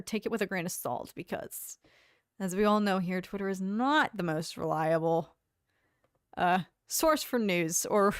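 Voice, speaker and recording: A young woman chats through her livestream, reading comments aloud in a bubbly, talkative way. Her voice is smooth and clear, sitting at a middle pitch for a woman. The sound is dry and close, with no room around it. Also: no room sound. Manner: chatty, bubbly, laughs often, hums filler tunes. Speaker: livestream host. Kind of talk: casual chat reading live comments.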